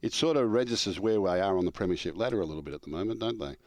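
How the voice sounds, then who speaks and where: With a voice that sits low and a racing delivery, the older ex-coach and show regular tells lively stories in casual talk. He performs the dialogue and laughs through each punchline; there's no echo.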